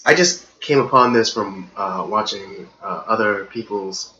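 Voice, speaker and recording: A man's voice: lowish voice, a little slow, sharp tone, highs cut off, slight background noise. A man hosting a podcast live stream, rambling through a casual rant full of "you know" fillers and getting worked up. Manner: gets worked up and ranting. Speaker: podcast host.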